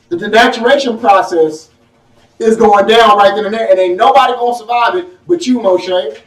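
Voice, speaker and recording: A man preaching a sermon in a folksy, animated way, firing off rhetorical questions at his congregation. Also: high voice, normal speed. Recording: echoey room, mic at a distance.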